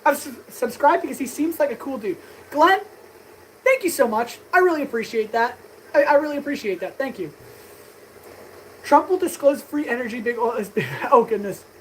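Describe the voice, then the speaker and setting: A woman blacksmith chatting fast and eagerly with her live-stream audience while she works in her workshop. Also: high-pitched, slight background noise, poor audio. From Canada. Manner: chatty, talks fast, answers chat eagerly. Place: workshop with power tools.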